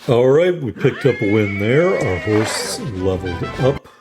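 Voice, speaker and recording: A tired man narrates his gameplay in a casual, chatty way, often apologizing to viewers. His voice sits fairly low. Loud game music plays under his talk. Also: animated, unhurried. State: tired and yawning. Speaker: gameplay video host. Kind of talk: casual let's play commentary.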